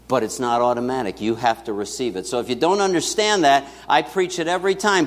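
Animated male preacher in a reverberant church. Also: fairly high pitch. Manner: conversational preaching with asides to the congregation. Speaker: pastor. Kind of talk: sermon. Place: church sanctuary.

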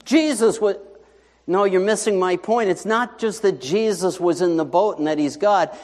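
A man preaching a sermon as pastor, in a conversational, animated way full of rhetorical questions. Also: high voice, moderate pace, in a large hall.

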